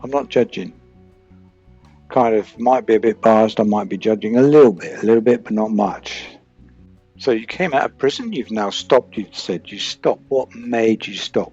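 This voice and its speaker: A husky-voiced man muses his way through a true crime commentary, circling back and asking questions of people who aren't present. The recording is dull and lo-fi, with faint music underneath. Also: lowish voice, moderate pace, a little mellow. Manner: rambling, asks questions aloud to absent people. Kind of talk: casual commentary monologue.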